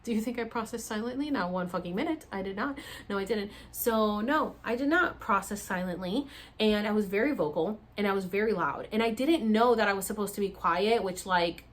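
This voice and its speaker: A woman vlogger telling a story to camera in a casual, animated way, swearing freely and acting out her own reactions. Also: medium pitch, brisk.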